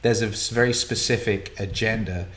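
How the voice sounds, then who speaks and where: Swearing, excitable man on a live stream. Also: on the low side, normal speed, roomy sound, slight background noise. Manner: excitable, heavy swearing, laughs and rambles. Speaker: host of a live viewer Q&A broadcast. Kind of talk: casual live-stream chat, reading viewer questions. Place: home studio room.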